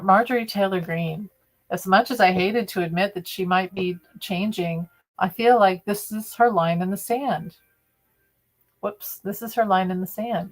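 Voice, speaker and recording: Opinionated woman reading tarot cards. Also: on the low side. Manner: conversational, opinionated, restarts often. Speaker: tarot reader. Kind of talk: live-stream tarot reading.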